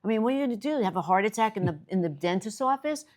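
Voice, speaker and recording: An older woman from New York City, co-hosting a casual chat and telling stories with lively, rising excitement. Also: very fast. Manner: animated storyteller, voice jumps high when excited. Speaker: co-host.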